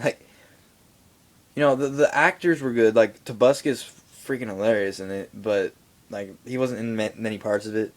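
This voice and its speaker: A man's voice: on the low side, normal speed. A young man giving a casual, rambling movie review in a home vlog, full of fillers and asides. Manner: rambling, animated, many fillers.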